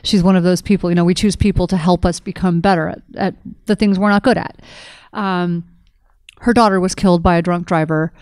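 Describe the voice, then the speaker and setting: A woman's voice: fairly low pitch, fairly even intonation, fairly quick, a little mellow, smooth, no echo. A middle-aged woman co-hosting a podcast in casual conversation, telling stories with animation and acting out quoted dialogue. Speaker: podcast co-host.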